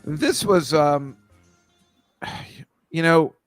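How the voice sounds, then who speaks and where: A man hosting a casual talk show, rambling and halting with lots of fillers. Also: a little high, lively intonation, dry recording, soft background music. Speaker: podcast host. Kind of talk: casual chat.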